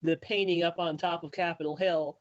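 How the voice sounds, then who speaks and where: Man, podcast guest, fairly high voice, muffled lo-fi line, earnest. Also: steady tone, brisk, no room sound. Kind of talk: casual chat.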